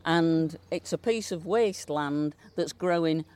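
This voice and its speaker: A woman's voice: sits low, unhurried, darkish tone, smooth. A woman with a Lincolnshire accent, a dialect speaker chatting in an interview and reading dialect verse with relish. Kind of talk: conversational interview.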